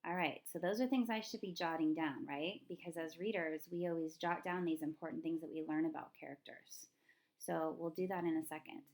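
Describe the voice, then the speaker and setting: A woman teaching third-grade reading talks chattily and thinks out loud while posing questions to her young students, captured on a lesson video. Her low, darkish voice stays steady in tone and runs a little fast.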